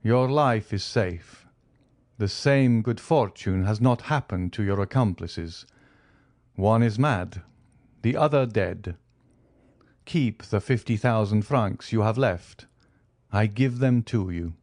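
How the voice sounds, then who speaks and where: A man voicing a stern male count, speaking slowly, solemnly and deliberately. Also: lowish voice, a little mellow, no room sound, clean studio sound. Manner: slow, solemn and measured.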